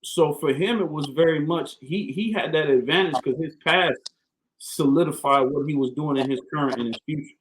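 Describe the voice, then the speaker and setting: A man tells animated, slangy stories about his Navy days as a podcast guest. His voice sits on the high side, and a faint hiss runs behind him. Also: moderate pace, low-quality recording. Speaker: podcast guest, Navy command master chief. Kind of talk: casual storytelling.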